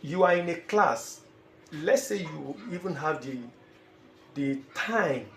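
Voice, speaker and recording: A man's voice: on the high side, lively intonation, slow. A man teaching an exam-preparation lesson. He speaks emphatically and repeats phrases, sometimes acting out short dialogues. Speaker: IELTS teacher. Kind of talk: classroom-style lecture. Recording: echoey room with faint ambient noise.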